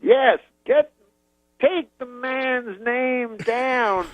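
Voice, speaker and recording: A man's voice: very high voice, very slow, no room sound, voice pushed up, exaggerated voice, poor audio. A man impersonating a grand old comedian in broken phrases. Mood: grandly generous. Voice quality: speaks in broken half-sentences. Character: famous older male comedian, halting, fragmented, grand.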